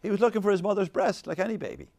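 A man leading a faith discussion with an audience, rambling and animated, laughing often and restarting his sentences. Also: high-pitched, rapid-fire, creaky. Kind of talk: informal talk with audience questions.

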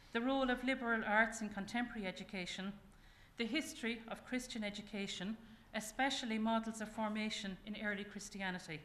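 A woman's voice: medium pitch, fairly bright tone. A woman hosting an event, giving a formal and gracious welcome speech. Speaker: event host. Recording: echoey room with faint ambient noise.

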